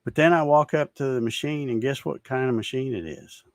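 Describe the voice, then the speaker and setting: A man's voice: medium pitch, brisk, dry recording, studio quality. A man hosting a casual livestream, ranting in a fed-up, sarcastic way and laughing at viewer comments. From Georgia, USA. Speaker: show host reading viewer comments.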